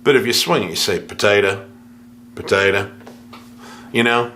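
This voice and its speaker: A man teaching a piano lesson, scatting rhythms in nonsense syllables to show the feel, relaxed and easygoing. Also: medium pitch, quick pace, slight background noise. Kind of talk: music lesson with spoken rhythm demos.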